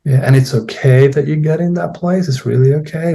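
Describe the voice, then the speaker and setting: A man's voice: a little high, fairly even intonation, brisk, gravelly, mellow. A middle-aged male therapy trainer, a guest recounting a therapy case in conversation. He talks unhurriedly, searches for words, and acts out his own and his client's lines.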